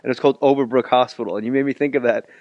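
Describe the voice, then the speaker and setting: A man from New Jersey hosting a podcast, joking through casual chat and cutting in with quick quips. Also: medium pitch, steady tone, dry recording, dull audio. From New Jersey, USA. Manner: jokey, cuts in with quips. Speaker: podcast host.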